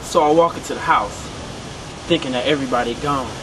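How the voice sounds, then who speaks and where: A man's voice: medium pitch, brisk, noisy background, natural voice. A young man playing a boastful, crude young killer who tells his story as a comic confession monologue. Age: young adult. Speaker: student actor in a parody sketch.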